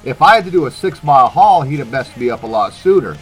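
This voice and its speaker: A man on a podcast telling a story in a lively voice that swoops up and down. He swears freely and laughs as he goes. Faint music plays behind him. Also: mid-range voice, fast talker, husky. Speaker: podcast co-host. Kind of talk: casual chat.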